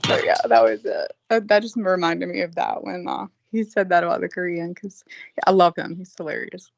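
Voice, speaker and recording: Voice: mid-range voice, steady tone, a little fast, gravelly, no room sound, dull audio. A person chatting casually and reacting with animation to a clip. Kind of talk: casual chat.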